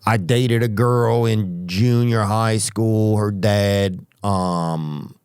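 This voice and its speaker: A man hosting a podcast, telling rambling comic stories with profanity and drawn-out asides. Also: lowish voice, darkish tone, clear, resonant tone, no room sound, clean studio sound. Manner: profane, drawn-out asides, sudden character voices. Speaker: podcast host.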